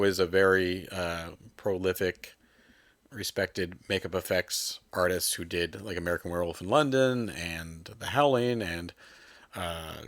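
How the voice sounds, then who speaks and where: A man with a low voice, recorded dry, co-hosts a podcast chatting casually about movies. He rambles, with lots of restarts and fillers.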